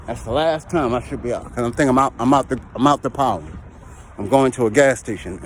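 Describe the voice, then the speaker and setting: A heavy equipment and recovery operator talks casually to camera in a vlog about his work, repeating himself and checking in with the listener conversationally. His medium-pitched voice moves fast, with a little hiss or hum.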